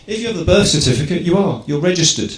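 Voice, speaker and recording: A man's voice: a little high, very animated, fast. A man from England gives an informal talk to a live audience, asking rhetorical questions and checking in with the crowd as he goes. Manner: conversational, rhetorical questions, keeps checking in with "right?". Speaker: public speaker. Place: event hall. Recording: echoey hall with faint ambience.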